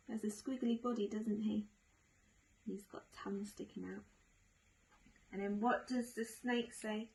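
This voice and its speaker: A woman teaching young children, drawing and retelling a story in a gentle sing-song way with many tag questions. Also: medium pitch, fairly even intonation, unhurried, long pauses, poor audio. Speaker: nursery teacher.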